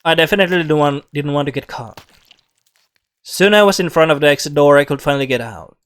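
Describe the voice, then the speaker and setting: A man reading a game's story text aloud and breaking off for quick reactions and asides. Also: a little high, fairly bright tone, smooth. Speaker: gamer reading a visual novel aloud.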